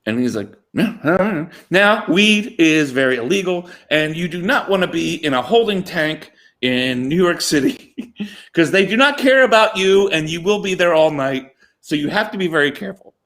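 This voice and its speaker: A man's voice: a little high, moderate pace. A man co-hosting a sports talk show, telling a long casual anecdote and chuckling as he goes. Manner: animated anecdote-telling, chuckling mid-sentence. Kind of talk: casual storytelling chat.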